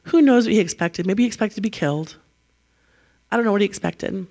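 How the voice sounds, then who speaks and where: A woman preaching a sermon in an animated storytelling way. She acts out the people in the story and laughs as she goes. Her voice sits at a medium pitch. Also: brisk.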